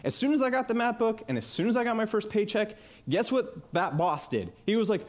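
Animated man telling a story on stage. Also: high voice, a little fast, few pauses. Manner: animated, acts out quoted voices. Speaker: conference speaker. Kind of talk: personal storytelling talk. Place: talk venue with live audience. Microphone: headset mic.

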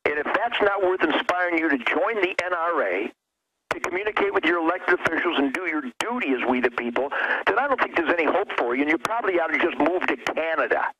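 A man's voice: fairly high pitch, expressive, quick pace, dull audio, noisy background. A middle-aged man as a talk radio guest, giving a fiery, emphatic, preacherly rant.

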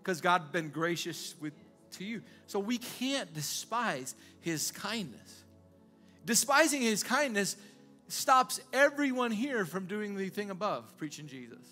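A man's voice: high-pitched, sing-song, measured pace, hardly any pauses, pushed and bright, soft background music. A male pastor preaching a sermon in a conversational way, asking the congregation rhetorical questions again and again.

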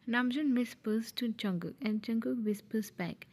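A woman narrating her own fan audio drama in a plain, unhurried way. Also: fairly high pitch. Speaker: narrator and creator.

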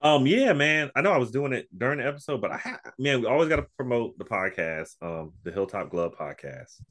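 A man's voice: medium pitch, very animated, a little fast, fairly bright tone. A man guesting on a podcast, chatting casually and telling stories in a laid-back way, laughing often. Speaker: podcast guest and co-host of another podcast. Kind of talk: casual interview chat.

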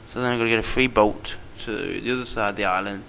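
Gravelly Englishman ranting to camera. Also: lowish voice, fairly even intonation, fast talker, fairly bright tone. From England. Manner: angry ranting, swearing under breath. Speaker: vlogger. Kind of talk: video diary. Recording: noisy outdoor camera audio.

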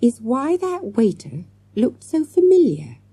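A woman voicing a sharp, excitable schoolboy who plays detective. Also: a little high, a little slow, slightly rough, no room sound, voice pushed up, full character voice. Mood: eager.

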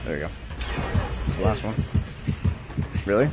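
A young man giving live commentary on his own gameplay, muttering under his breath one moment and yelling out the next. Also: on the low side, normal speed. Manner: excitable, swings between mutters and loud outbursts. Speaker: streamer. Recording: loud game music underneath.

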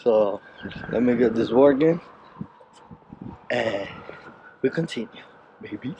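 A young father vlogs in an easygoing, rambling way, thinking aloud as he goes. His voice sits at an ordinary pitch, with a faint hum of background noise behind it. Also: lively intonation, takes it slowly, warm tone, highs cut off. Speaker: vlogger, new father. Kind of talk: casual vlog talk to camera.

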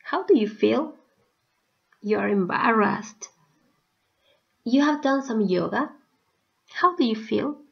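Teacher, female, higher voice, deliberate spaced-out delivery for learners, muffled low-fi audio. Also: expressive, creaky. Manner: slow, carefully spaced words for learners. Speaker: English teacher. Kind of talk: slow recorded video lesson. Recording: dull lo-fi recording.

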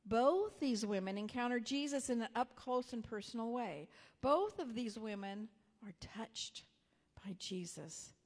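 A woman pastor, telling a personal story in a sermon in a conversational way, sometimes dropping to a soft whisper. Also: a little high, expressive, unhurried. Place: church sanctuary. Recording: long hall reverb.

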